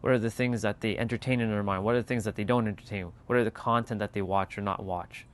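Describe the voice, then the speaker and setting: A man's voice: lowish voice, steady tone, quick pace, clear, resonant tone. A man hosting a casual motivational livestream, talking emphatically with lots of repetition and casual swearing. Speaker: channel host.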